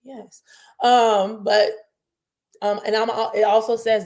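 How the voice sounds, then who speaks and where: A woman's voice: on the high side, little pitch movement, slow, long pauses, a little mellow. A young woman who works in early child care, talking casually to parents in a candid, rambling way with many fillers and restarts.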